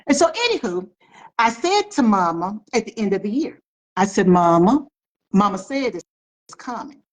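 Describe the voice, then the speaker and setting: With a medium-pitched, sing-song voice at a moderate pace, a middle-aged woman author tells family stories in an interview, repeating phrases emphatically for effect. The recording is rough.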